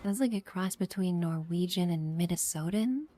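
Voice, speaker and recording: A woman's voice: lowish voice, lively intonation, moderate pace. A woman streaming a game live, giving sarcastic, playful commentary with whispered asides. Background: game music.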